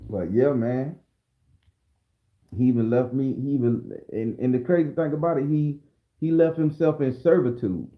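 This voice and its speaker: A man's voice: mid-range voice, normal speed, warm tone. A man from southern Florida with a Southern accent, telling a story bluntly and profanely. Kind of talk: casual spoken storytelling. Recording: echoey room.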